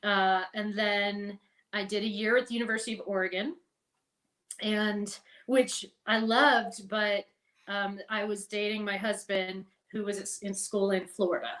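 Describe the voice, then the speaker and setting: A middle-aged woman, a podcast guest, telling stories in a casual, animated way, laughing and swearing now and then. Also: mid-range voice, measured pace. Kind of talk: casual storytelling.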